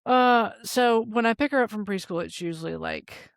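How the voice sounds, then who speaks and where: A woman in her thirties co-hosting a podcast, telling a story in casual chat, animated and swearing freely. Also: mid-range voice, normal speed, gravelly, no room sound, clean studio sound. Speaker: podcast co-host.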